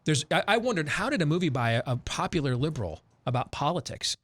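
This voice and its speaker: Emphatic, animated male talk host. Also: a little high, fast, breathy edge. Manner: emphatic, animated storytelling with repetitions. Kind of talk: opinionated radio talk.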